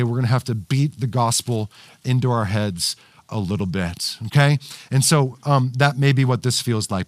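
A man's voice: mid-range voice, dry recording. A man preaching a sermon to a livestream audience, talking casually with many fillers, restarts and frequent "right?" asides. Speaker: pastor. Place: studio with cameras and screens.

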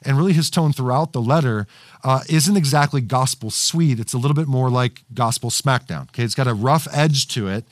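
A man's voice: medium pitch, dry recording. A man preaching a sermon to a livestream audience, talking casually with many fillers, restarts and frequent "right?" asides. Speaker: pastor. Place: studio with cameras and screens.

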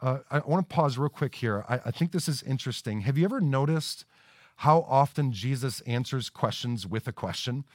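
A man's voice: mid-range voice, animated, moderate pace, no echo, studio quality. A man preaching a sermon in a conversational way, often repeating words as he starts a sentence. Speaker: pastor. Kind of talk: livestreamed sermon.

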